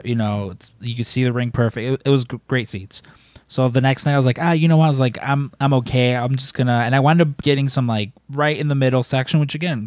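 A man hosting a podcast, telling a story in a casual, animated way and acting out the people he quotes. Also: mid-range voice, no echo. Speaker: podcast host.

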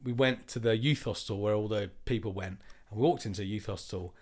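A man in his forties telling a story in casual chat, animated and swearing, acting out other people's lines. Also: fairly low pitch, a little fast.

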